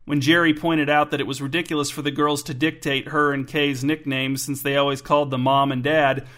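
Deadpan man narrating a story. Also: fairly high pitch, a little fast.

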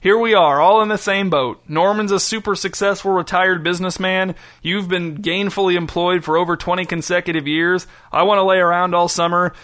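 A cheeky young man who would rather lie around all summer brushes everything off with amusement, as a male audiobook narrator puts him on. The voice is pitched a little high and sounds bright. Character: slacker young adult son, cheeky. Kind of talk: audiobook character voice.

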